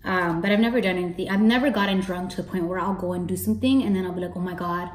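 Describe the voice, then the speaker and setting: A woman's voice: medium pitch, very fast. A woman in her early twenties telling a story casually to camera, chatty, swearing freely and acting out her own lines. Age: early 20s. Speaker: beauty vlogger. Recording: roomy echo.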